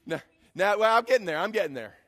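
A man's voice: high-pitched, animated, fast talker, a bit bright, in a large hall. A man telling a personal story in a sermon as a preacher, building to emphatic preaching.

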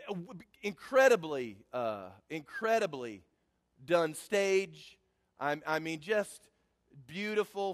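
A man's voice: high-pitched, in a large hall. A man telling a personal story in a sermon as a preacher, building to emphatic preaching.

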